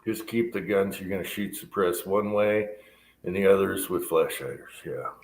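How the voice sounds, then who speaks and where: A man's voice: low voice, moderate pace, gravelly. A man hosting a live chat, talking casually and rambling with lots of yeahs. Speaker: livestream host. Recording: echoey room with faint background noise.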